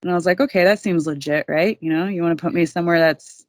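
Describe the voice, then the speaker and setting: A woman's voice: on the low side, fairly quick, hardly any pauses, dry recording. A young woman, a podcast guest, telling her story in a candid, casual way, swearing freely.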